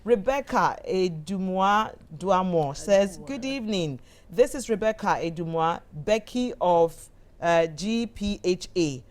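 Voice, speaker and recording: A woman's voice: on the low side, animated, unhurried. Bubbly Ghanaian woman hosting live TV. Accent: Ghanaian English. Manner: bubbly, chatty, reads messages aloud. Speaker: TV show host. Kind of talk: live TV talk show, reading viewer comments.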